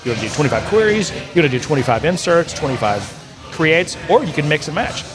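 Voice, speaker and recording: A man's voice: a little high, very animated, fast, over music. Rambling man talking tech shop. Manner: rambling, self-correcting, enthusiastic about tech. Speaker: podcast co-host, software integration developer. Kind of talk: casual technical chat.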